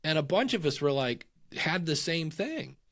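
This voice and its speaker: A man's voice: on the high side, normal speed. Middle-aged guy on a podcast, chatty storyteller, does little voices for the people in his stories. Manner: animated storyteller, acts out voices in anecdotes. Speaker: podcast guest. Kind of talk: casual storytelling chat.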